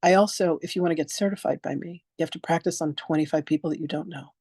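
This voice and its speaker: A woman's voice: sits low, steady tone, quick pace, a little mellow, slightly rough, dry recording. A woman in her sixties teaching a live online masterclass on spiritual practice. She tells stories with animation, acts out quoted exchanges, and speaks frankly and emphatically, sometimes swearing. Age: 60s.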